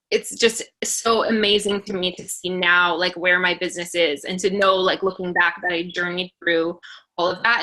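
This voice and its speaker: A woman telling personal stories in a motivational talk, chatty and earnest, with lots of fillers and quick laughs. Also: medium pitch, pushed and bright. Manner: chatty, filler-heavy, laughs between phrases; earnest and encouraging. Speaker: motivational speaker for a sales team.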